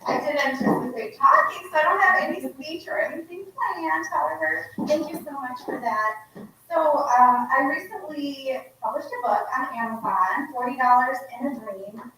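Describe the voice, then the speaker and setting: A woman's voice: sits high, moderate pace, noisy background. A woman in her forties from Laos, speaking unscripted as a guest author at an event and telling a heartfelt personal story in a conversational way. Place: indoor museum exhibit event. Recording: echoey hall from far off.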